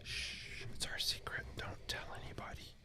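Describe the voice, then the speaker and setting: A man putting on a soft, conspiratorial ASMR voice in a whispered role-play, with faint machine noise behind. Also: extremely low pitch, little pitch movement, measured pace, pitched below the performer's own voice. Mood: hushed. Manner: hushed, conspiratorial. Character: man doing a hushed ASMR voice.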